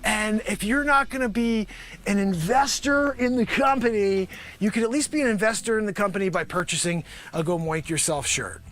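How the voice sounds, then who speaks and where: A man hosting a live improv comedy show, pitching a made-up product in a wisecracking, animated way that swings between loud and soft. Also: moderate pace.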